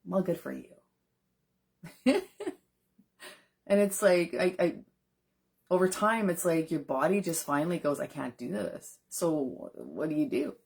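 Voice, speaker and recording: Low husky woman on a live stream, earnest, talks right to her viewers like a nutrition coach. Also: expressive, measured pace, long pauses, a little mellow. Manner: earnest, talks straight to viewers, answers comments. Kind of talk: casual live-stream chat.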